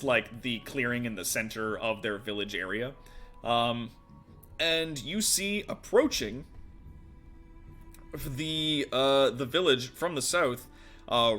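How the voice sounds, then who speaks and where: A man's voice: mid-range voice, pushed and bright. A man narrating a tabletop game as game master, in loose, vivid improvised narration.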